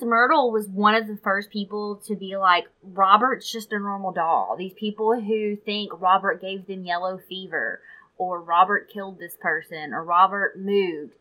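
A woman's voice: mid-range voice, sharp tone, rough recording. A woman co-hosting a podcast, retelling a story from her research in casual chat with asides. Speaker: podcast co-host.

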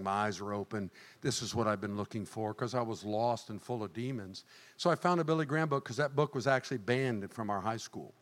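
An older man preaching a sermon as pastor, swinging from low, quiet remarks to high, shouted lines. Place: church sanctuary. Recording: church hall reverb.

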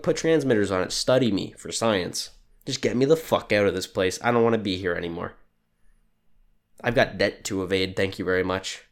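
Young male podcast host, low-pitched, sleep deprived, crude sardonic ranting. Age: young adult. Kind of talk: profane solo rant.

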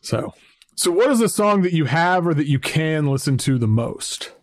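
A man's voice: a little high, expressive, normal speed. A man hosting a casual music podcast, chatty and rambling, who laughs often as he talks. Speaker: podcast host.

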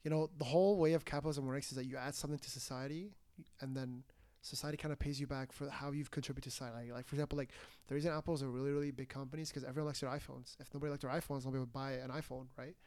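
A man's voice: medium pitch, fairly even intonation, rapid-fire, darkish tone. A young man hosting a podcast in casual chat, talking in loose bursts full of fillers and uneasy laughs. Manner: chatty, many fillers, nervous laughs. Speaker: podcast host.

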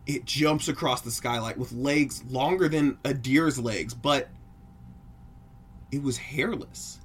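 A man co-hosting a podcast, telling a creepy story in casual chat, acting out noises and dropping to a hush for tense parts. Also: medium pitch, takes it slowly, slight background noise. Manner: animated, acts out creaks and drops to hushed tones. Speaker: podcast co-host.

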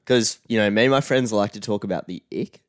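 A man who tends bar chats on a casual podcast, trading easy jokes. His voice is fairly low and sounds close and dry. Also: fairly quick, dry recording. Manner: joking, easygoing banter. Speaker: bartender and podcast co-host. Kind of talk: casual chat.

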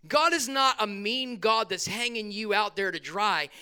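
A man's voice: sits high, measured pace, pushed and bright, clear, resonant tone. A male pastor, preaching a conversational sermon in a church, acting out his prayers and quotes. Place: church sanctuary.

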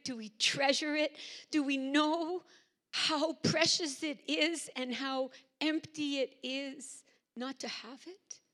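High clear-voiced woman, slow and earnest, church testimony. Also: pushed and bright. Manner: earnest, reflective rhetorical questions. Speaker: guest speaker.

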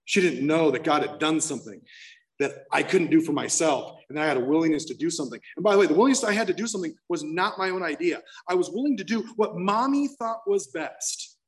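A man's voice: on the high side, expressive, quick pace, far from the mic. A man candidly telling his personal recovery story, emotional, with many restarts. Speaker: speaker sharing his story.

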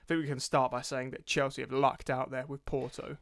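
A man's voice: mid-range voice, flat delivery, a little fast, no room sound. A young man co-hosting a casual football podcast, blunt and jokey, with the odd swear word. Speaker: podcast co-host.

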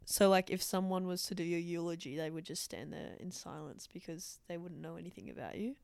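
Young woman, podcast co-host, playful and teasing, smooth low voice, dry close mic. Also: steady tone, a little fast, a little mellow, no room sound. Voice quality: playful, teasing, laughs easily. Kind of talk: casual chat.

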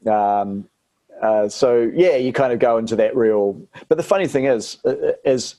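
A man's voice: mid-range voice, measured pace, dark tone. A man from New Zealand with a New Zealand accent, an actor chatting casually as an interview guest, rambling with fillers and restarts.

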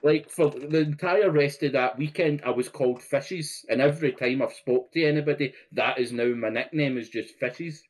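A British man co-hosting a podcast, telling a halting, rambling story with lots of restarts. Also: medium pitch. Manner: rambling, halting, laughing anecdotes. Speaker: podcast co-host. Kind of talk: casual podcast chat.

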